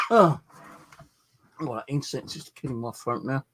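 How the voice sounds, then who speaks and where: A man live-streaming from his flat, puzzling aloud over what a recording is saying. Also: medium pitch, a little slow, husky. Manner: puzzled, keeps asking what a recording says. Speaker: paranormal vlogger.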